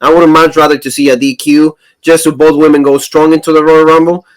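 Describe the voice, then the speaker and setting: A man's voice: a little high, level tone, a little fast, clear, resonant tone, poor audio. A man co-hosting a review show, chatting loosely with many "like" fillers. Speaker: co-host of a wrestling review show. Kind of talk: casual chat.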